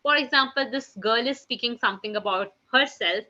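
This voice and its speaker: A woman teaches a French class online, speaking in a bright, sharp voice a little above the usual pitch. She repeats each French phrase twice and keeps calling her class "guys". The audio is slightly dull and lo-fi. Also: brisk. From India.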